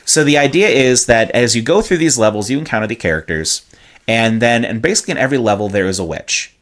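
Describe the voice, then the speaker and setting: A man's voice: mid-range voice, lively intonation, fast talker, fairly bright tone. A man co-hosting a casual podcast, explaining things at length with hyperbole, cursing and many "uh"s. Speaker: podcast co-host.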